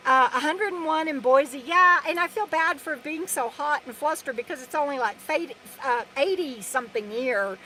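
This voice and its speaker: A woman's voice: sits high, normal speed, hardly any pauses, rough recording. A woman from Texas, chatting casually on a live stream from inside her RV and rambling through viewer comments. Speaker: vlogger hosting a live stream. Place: inside her RV in a parking lot. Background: loud trucks passing.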